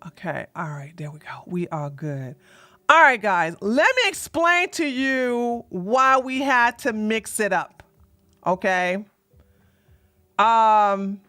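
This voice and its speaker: A woman's voice: fairly high pitch, fairly bright tone. A woman hosting a casual livestream, rambling and flustered as she fixes her setup while talking bluntly and sassily to her chat. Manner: blunt and sassy, mild cursing. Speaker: livestream host.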